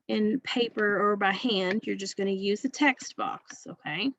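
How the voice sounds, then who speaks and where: A woman's voice: medium pitch, measured pace, creaky, fairly bright tone, no room sound. Patient woman teacher with a dull sound. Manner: patient, repeats okay to check understanding. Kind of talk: recorded remote class lesson.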